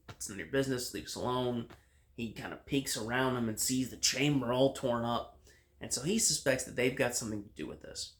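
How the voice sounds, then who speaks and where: Casual male TV reviewer recapping a plot. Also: mid-range voice. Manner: recaps the plot with frequent fillers and restarts.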